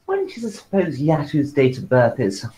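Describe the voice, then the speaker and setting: Brief: offhand player, mid-pitched voice, faint background noise. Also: huge pitch swings, moderate pace, warm tone, rough recording. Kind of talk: tabletop role-play.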